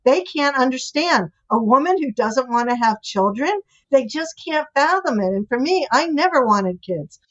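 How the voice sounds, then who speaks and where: A woman's voice: high-pitched, animated, normal speed, hardly any pauses, a bit bright. An older woman, a guest author and relationship expert, telling anecdotes animatedly in a podcast interview. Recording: dull lo-fi audio.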